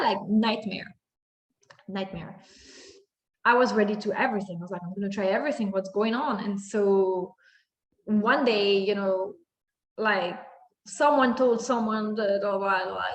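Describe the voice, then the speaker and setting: A woman's voice: fairly high pitch, moderate pace. A woman in her thirties telling a personal story in a monologue, acting out her own reactions with many fillers. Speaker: spiritual content creator. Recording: echoey room.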